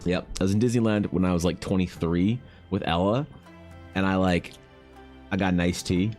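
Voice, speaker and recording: Low-voiced joking man. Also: moderate pace, a little mellow, faint music behind. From Canada. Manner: rambling, joking, profane, with many restarts. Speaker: streamer. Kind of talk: casual live-stream chat while drawing.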